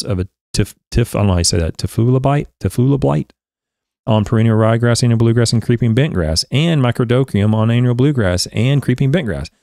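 A man hosting a podcast, reading a research paper aloud and commenting on it, excitable and often stumbling over words and restarting. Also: medium pitch, fairly quick, no echo, clean studio sound.

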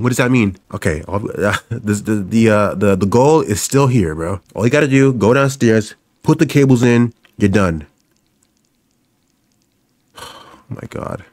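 Young guy yelling through a scary game, cusses a lot, says the same thing like ten times, kinda low voice. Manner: jumpy, swearing, repeats phrases over and over. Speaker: gaming YouTuber. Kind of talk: let's play commentary.

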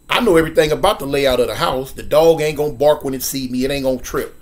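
A man in his sixties from Los Angeles telling a story casually, animated, with sound effects and lots of repetition. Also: medium pitch, fast, few pauses. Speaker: storyteller guest.

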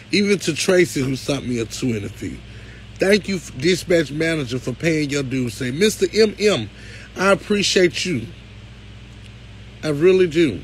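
Male streamer, higher voice, emotional and preachy, light background hum. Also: low-quality recording. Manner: emotional, close to tears, preacherly. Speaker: live-stream host. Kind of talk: emotional livestream talk to viewers.

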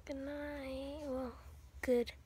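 High, rambling vlogger woman. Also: little pitch movement, very slow. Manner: rambling, often drops into a hushed whisper. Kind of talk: casual vlog chat. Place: home bedroom. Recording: noisy home recording with clicks.

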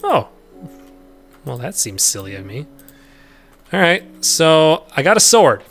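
A man's voice: fairly high pitch, sing-song, slow, fairly bright tone. A chatty man narrating his gameplay in a slightly raised voice, rambling from one thought to the next. He talks to the creatures on screen, laughs easily and yelps now and then. Faint music plays underneath. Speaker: let's play host. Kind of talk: casual gameplay commentary.

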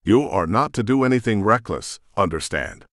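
A stern, commanding woman, read by a man in his own deep voice. She gives clipped, no-nonsense orders. The sound is dry and close. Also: expressive, normal speed, a bit bright, no echo. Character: stern commanding woman demon-hunt leader.

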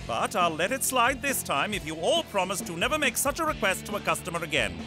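A smug federal agent in an adult cartoon, his fairly high voice rising and falling as he moralizes and then slyly angles for favors. Background music plays underneath. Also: very animated, a little fast. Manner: smug, self-righteous then sly. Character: smug federal agent, sleazy rule-bender.

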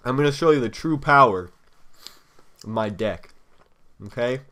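A man's voice: medium pitch, expressive, a little slow, bright, forceful tone. A young man giving casual, rambling commentary while playing a card game online, impatient and teasing, sometimes talking with chocolate in his mouth. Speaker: let's play host.

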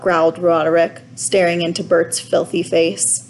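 A woman narrating a children's storybook in a clear, measured reading voice. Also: lowish voice, level tone, darkish tone, a little hiss or hum, poor audio. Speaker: audiobook reader.

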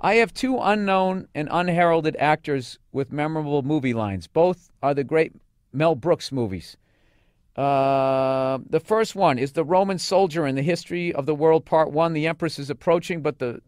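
Guy hosting a podcast, kinda high voice, swears a lot, sarcastic, super dry close mic. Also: normal speed, dry recording. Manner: profane, sarcastic, exasperated asides. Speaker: podcast host reading listener emails. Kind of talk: casual podcast chat.

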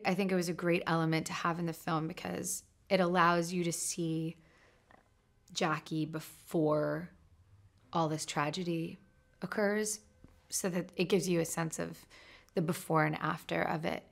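A woman speaking in a thoughtful, halting way with restarts, giving a promotional interview soundbite as a film crew member. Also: lowish voice, level tone, gravelly.

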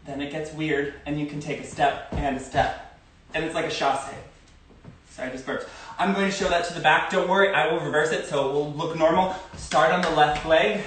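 A man's voice: on the high side, moderate pace, fairly bright tone, a little hiss or hum. A man teaching a live-streamed dance class, counting steps aloud with chatty asides. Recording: echoey room, far from phone mic.

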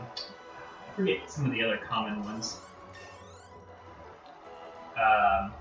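Bright-voiced Northern American man rambling. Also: medium pitch, far from the mic, highs cut off. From United States. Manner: rambling, chatty, self-deprecating. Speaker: live-stream host. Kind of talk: casual chat while live-streaming a game. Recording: roomy, off-mic, music behind.

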